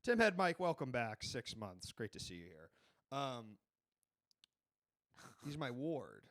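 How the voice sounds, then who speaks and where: Lively-voiced man hosting a stream. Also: medium pitch, slow pace. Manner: rambling, swears freely. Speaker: streamer host. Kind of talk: casual live-stream chat. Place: small streaming studio.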